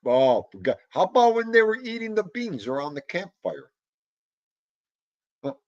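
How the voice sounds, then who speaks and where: This high-pitched man keeps a moderate pace but pauses often as he hosts a casual livestream. He rambles animatedly through viewer comments and chat, breaking into abrupt loud exclamations. The recording is muffled, without echo.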